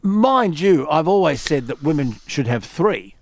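A man's voice: on the high side, very animated, unhurried, a little mellow. A man with an Australian accent hosting late-night radio, rambling through stories with many fillers and restarts. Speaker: radio host.

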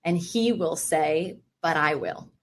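A woman's voice: sits low, slow, a little hiss or hum. A woman podcast host in casual interview chat, reflecting on faith and laughing easily.

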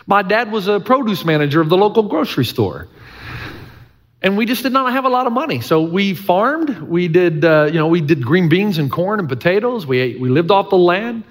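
A man's voice: high voice, sing-song, normal speed. A middle-aged male pastor preaching a sermon, earnest and emphatic, with folksy humor and repeated key lines. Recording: long church-hall reverb.

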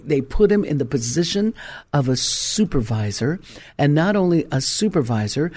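A middle-aged male pastor preaching a sermon, telling a story with dramatic swings between hushed and loud delivery. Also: fairly high pitch.

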